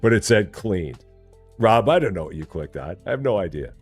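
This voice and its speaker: Man, game streamer, low voice, jumpy lively intonation, rambling jokes, faint game music behind. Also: moderate pace, husky. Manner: jokey, rambling, laughs often, lively swings in pitch. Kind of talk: casual gameplay live stream chat.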